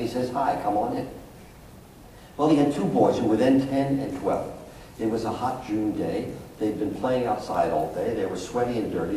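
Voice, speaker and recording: Male psychologist speaker, mellow tone, anecdotal storyteller who acts out quotes, heard from a distance in a very echoey school hall. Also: fairly low pitch, a little hiss or hum. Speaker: psychologist giving a talk to parents. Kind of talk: public talk to an audience.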